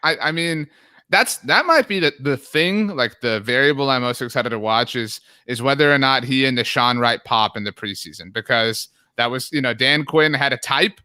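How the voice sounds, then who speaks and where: Man, crisp smooth voice, forceful tone, dry close sound, measured podcast analysis. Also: medium pitch, lively intonation, no echo. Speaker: guest, fan site owner. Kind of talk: casual podcast chat.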